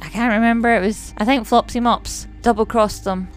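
A woman's voice: a little high, steady tone, normal speed, faint music behind. A woman, co-hosting a casual podcast chat about a TV series in a playful, teasing way. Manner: playful, teasing, laughs often. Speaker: podcast co-host.

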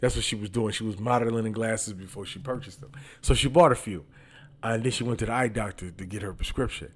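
A man's voice: on the low side, fast, breathy edge. A man hosting a podcast with a slight lisp from braces, telling stories in a loose, teasing, candid way. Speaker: podcast host. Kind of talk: casual storytelling monologue.

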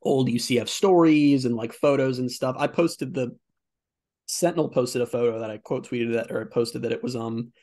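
A man's voice: medium pitch, normal speed, warm tone. A young man co-hosting a sports podcast, chatting casually with lots of fillers. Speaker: podcast co-host.

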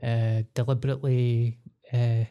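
A man's voice: medium pitch, level tone, unhurried, dark tone, clear, resonant tone, lo-fi sound. A Scottish man with a mid-range voice, hosting a podcast as a fellow comedian. He talks bluntly and swears freely, laughing easily in casual chat.

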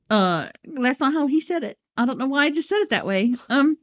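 A woman co-hosting a casual movie podcast, swearing freely and going off on animated tangents. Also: high voice, brisk, few pauses, muffled recording. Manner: profane, tangent-prone, animated. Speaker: podcast co-host.

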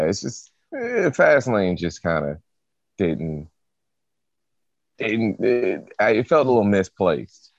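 Low voiced guy chatting, kinda halting, dry dull recording. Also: darkish tone, no echo. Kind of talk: casual chat.

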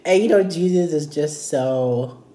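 Playful male Bible teacher, mellow low voice, roomy echoey room. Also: unhurried. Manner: chatty, playful, animated retelling. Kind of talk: casual Bible study teaching.

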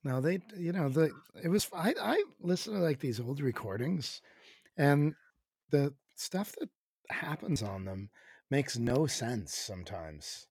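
A Canadian man chatting as a podcast guest, with a gravelly, creaky edge and a lively, up-and-down voice. He rambles with many restarts, and the sound is dry and close. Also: mid-range voice, measured pace, no room sound. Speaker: podcast guest, recording engineer. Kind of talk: casual chat.

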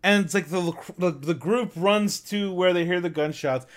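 A man's voice: high voice, moderate pace. A man in casual chat, retelling a movie scene with laughter and acted-out quotes. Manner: animated, laughing, acts out quotes. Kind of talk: casual chat recapping a film.

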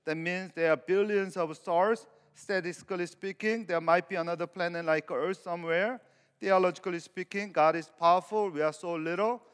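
A sleepy, long-winded companion rambles through his reasoning, as a man reads him out in a sermon. The voice is clear and fairly high. A long reverb from a big hall hangs behind it. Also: fairly even intonation, moderate pace, lightly acted. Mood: sleepy musing. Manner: rambling, lecturing reply.

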